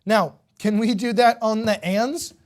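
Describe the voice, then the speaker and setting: A woman's voice: on the high side, steady tone, measured pace, darkish tone. A woman teaching a beginner ukulele lesson, counting beats aloud and checking in patiently with her students. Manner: patient, encouraging, checks in with "okay?" often.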